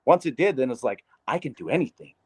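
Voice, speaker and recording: A man's voice: mid-range voice, lively intonation, slightly rough. A man from Wyoming, a guest in a casual interview, speaking bluntly and swearing often. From Wyoming, USA. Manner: blunt, profane, fast-talking. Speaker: hip hop artist, guest.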